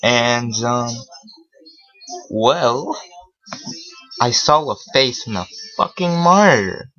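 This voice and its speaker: A man's voice: medium pitch, animated, slow pace, bright, forceful tone. A man telling a story on his vlog, casual, rambling and full of swearing and filler words. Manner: heavily profane, rambling with many fillers. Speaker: vlogger. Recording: dull lo-fi recording.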